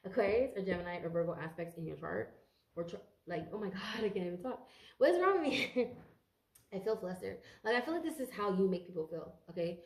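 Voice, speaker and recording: A congested woman gives a casual tarot reading to camera, rambling, swearing freely and stumbling over her words. Her voice is fairly low, a little mellow and fast, with a roomy sound.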